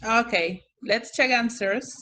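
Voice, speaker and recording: Slow-spoken woman teaching an online class. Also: on the high side, pushed and bright, slight background noise. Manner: patient, calling on students by name. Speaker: English teacher.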